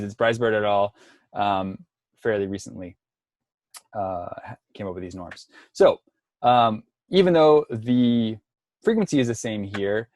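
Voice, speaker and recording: Lower-voiced man giving an online lecture. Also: darkish tone, no room sound, clean studio sound. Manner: explanatory, many ums and restarts. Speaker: workshop presenter. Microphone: video call.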